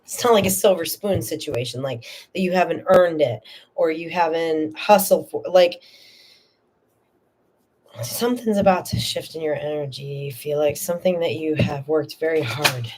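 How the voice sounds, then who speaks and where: A woman with a fairly low voice hosts a live tarot reading stream. She talks earnestly and spiritually, calling viewers by name, with plenty of fillers and restarts, and at times she gets emotional. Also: normal speed, darkish tone, slight background noise. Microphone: streaming to viewers live, no moderator.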